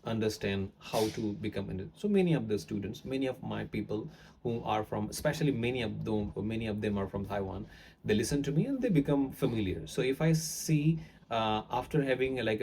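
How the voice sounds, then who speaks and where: Mellow low-voiced male accent tutor. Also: slight background noise. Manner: rambling, explanatory, with frequent pauses. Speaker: accent teacher. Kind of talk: teaching monologue to camera.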